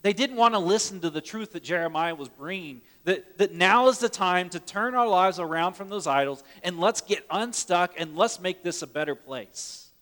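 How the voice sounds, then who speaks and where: A man preaching a sermon earnestly, swinging between loud urgent lines and hushed soft ones, often repeating words as he restarts. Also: sits high, normal speed, few pauses, long reverb tail. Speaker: pastor.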